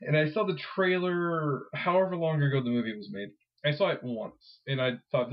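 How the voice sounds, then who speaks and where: A man's voice: a little high, steady tone, moderate pace. Rambling man on a lo-fi podcast. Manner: rambling, self-interrupting, laughs often. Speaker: podcast co-host. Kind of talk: casual podcast chat.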